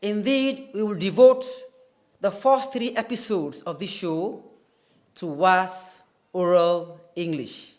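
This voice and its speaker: Slow, deliberate male tutor. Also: high voice, steady tone, darkish tone. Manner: deliberate, explanatory, spells words out letter by letter. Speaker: English tutor. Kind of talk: televised classroom lesson.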